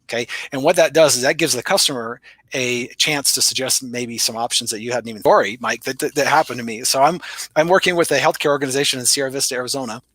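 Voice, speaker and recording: A middle-aged man, a sales author and guest, telling stories in a lively way and acting out both sides of the dialogue. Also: quick pace, no echo. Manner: energetic, acts out dialogue with big pitch jumps. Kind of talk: storytelling interview talk.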